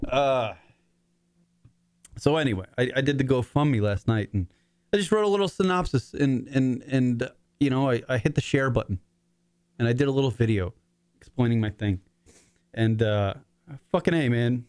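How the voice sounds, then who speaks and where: A man's voice: medium pitch, animated, normal speed, long pauses, a little mellow, clear, resonant tone, no room sound. Guy in his 40s, choked up, swearing a lot, rambling, dead dry sound. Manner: rambling, profane, choked up near tears. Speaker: podcast host. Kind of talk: emotional casual monologue. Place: his own apartment.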